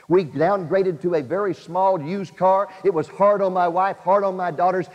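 Earnest high-voiced preacher in a reverberant hall. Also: male voice, darkish tone. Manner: earnest, retelling a testimony with emotional swells. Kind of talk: sermon storytelling. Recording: dull lo-fi audio in a reverberant hall.

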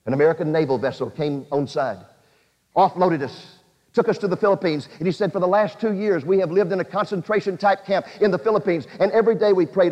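A man's voice: fairly high pitch, animated, fast, darkish tone. A man preaching a sermon and retelling a testimony with earnest emotional swells. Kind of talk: sermon storytelling. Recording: dull lo-fi audio in a reverberant hall.

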